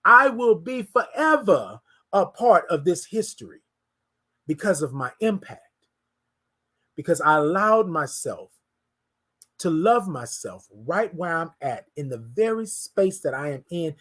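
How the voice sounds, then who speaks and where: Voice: mid-range voice, very animated, a little slow, sharp tone. A host giving an inspirational morning talk, speaking emphatically to listeners, repeating phrases and using casual slang. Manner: emphatic, repetitive, preacherly, talks to listeners directly.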